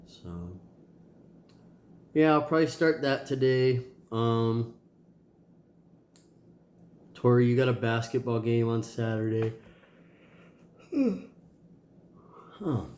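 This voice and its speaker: A man's voice: medium pitch, expressive, slow, long pauses, darkish tone, reverberant, a little hiss or hum. A man with a nasal voice, a tired and sore father talking casually to his kids in a rambling video diary. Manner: rambling, loose, with many ums and sighs.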